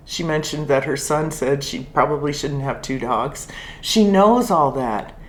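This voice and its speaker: A calm older woman talks straight to the camera in a slightly low voice. She tells her stories slowly and thoughtfully, stretching out the words she wants to stress. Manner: calm, reflective storytelling with slow deliberate emphasis. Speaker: life coach host. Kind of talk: casual talking-head vlog.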